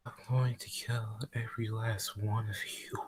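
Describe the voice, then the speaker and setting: A man voicing a vengeful female demon in a hushed, menacing whisper while telling a fan story. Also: lowish voice, flat delivery, unhurried, a little hiss or hum, natural voice.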